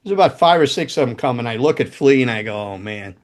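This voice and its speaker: A man's voice: mid-range voice, expressive, quick pace. A man telling rambling, profane stories in casual chat as a podcast guest. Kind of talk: casual storytelling.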